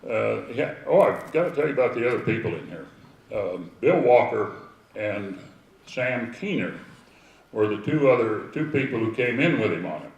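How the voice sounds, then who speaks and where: An older man shares family history with a gathering at an outdoor history event, his gravelly voice sounding far away. He's animated, medium-pitched, and moderately paced, rambling through anecdotes with plenty of asides. The recording is echoey and distant from the mic, with the highs cut off.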